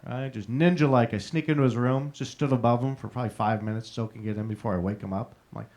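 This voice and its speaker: A young man works through a stand-up comedy set, spinning stories with punchy asides. He tags his jokes with a quick "right?" and chats with the audience between bits. His pitch sits in the ordinary middle for a man. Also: fairly even intonation, a little mellow. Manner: storytelling with punchy asides and crowd banter. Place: live comedy showroom.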